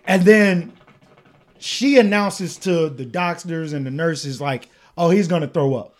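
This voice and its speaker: A young man with a high voice tells a story on a podcast, acting out what everyone said. His talk is loose and full of swearing. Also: measured pace. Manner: animated storytelling, acting out quotes, frequent swearing. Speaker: podcast co-host. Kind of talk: casual chat.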